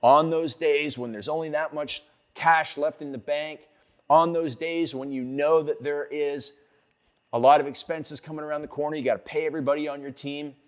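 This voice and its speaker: A middle-aged man, a success coach, giving a motivational talk with emphatic, punchy repetition. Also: medium pitch.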